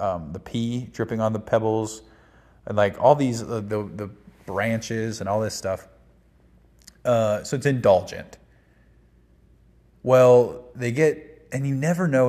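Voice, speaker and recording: Man, casual movie review, rambling and chatty, slightly low voice. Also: darkish tone. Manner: rambling, chatty, many fillers and restarts. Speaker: film reviewer.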